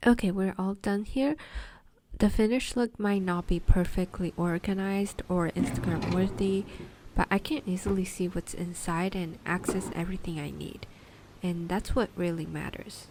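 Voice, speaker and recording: A woman calmly narrating her home vlog in a scripted, encouraging voice-over. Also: medium pitch, moderate pace. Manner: calm, encouraging. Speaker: home vlogger.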